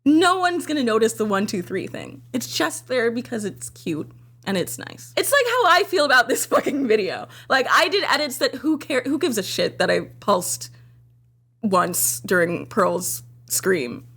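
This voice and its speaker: A young woman giving casual director's commentary on her own video, gushing and excitable, swearing often and jumping up into squealing highs when she gets passionate. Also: unhurried, slightly rough.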